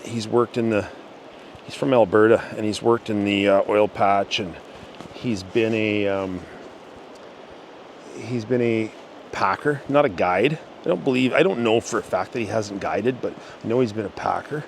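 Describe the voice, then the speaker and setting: A middle-aged man with a slightly low voice rambles to his viewers in an easygoing, halting way, often restarting his sentences. He is recorded outdoors on a forest trail, with steady background noise clearly underneath him. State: out of breath. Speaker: channel host. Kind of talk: casual rambling talk to camera. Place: outdoors in a forest by a river, walking uphill.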